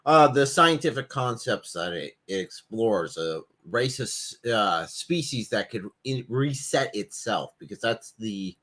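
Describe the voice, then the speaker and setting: A man's voice: lowish voice, expressive, unhurried, hardly any pauses, fairly bright tone. A man co-hosting a casual film review chat, making dry, blunt remarks. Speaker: co-host.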